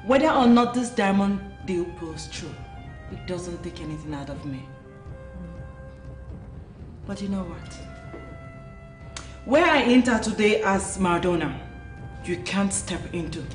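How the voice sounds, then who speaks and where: A woman's voice: mid-range voice, expressive, measured pace, long pauses, echoey room, far from the mic, soft background music, lightly acted. An actress playing a proud rival businesswoman who speaks coldly and with scorn. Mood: scornful. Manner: cold, scornful. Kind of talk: web skit acting.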